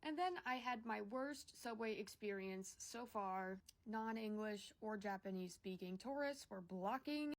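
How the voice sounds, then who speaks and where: Woman, travel vlog voice-over, casual relaxed recap, mid pitch. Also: unhurried, few pauses. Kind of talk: casual travel diary narration.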